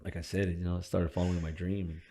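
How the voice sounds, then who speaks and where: Gravelly low-voiced man telling his story. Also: flat delivery, fast, dark tone. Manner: loose, slangy and profane, laughs often. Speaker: gym co-owner, interview guest. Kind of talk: casual interview storytelling.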